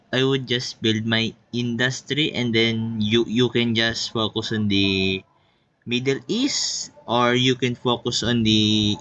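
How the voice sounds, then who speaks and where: A man who speaks English as a second language, giving excitable casual gameplay commentary full of oohs and counting aloud. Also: mid-range voice, highs cut off. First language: not English. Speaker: gameplay video creator.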